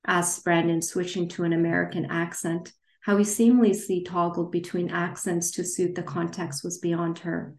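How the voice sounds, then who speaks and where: Lower-voiced woman author with a roomy echo. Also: little pitch movement, normal speed, few pauses, a little mellow. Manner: hesitant, many fillers and restarts. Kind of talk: reading her novel aloud, then interview answers. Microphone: video call.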